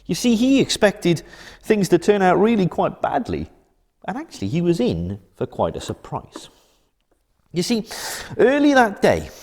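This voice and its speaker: Expressive man telling kids a Bible story. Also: high-pitched, big-room sound. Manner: gentle, expressive storytelling to children. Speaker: children's church presenter.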